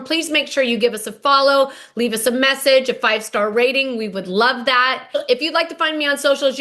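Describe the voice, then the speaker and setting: A woman's voice: high voice, bright, forceful tone. A woman hosting a podcast, recapping a reality show episode in a chatty, gushing storytelling way. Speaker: podcast host.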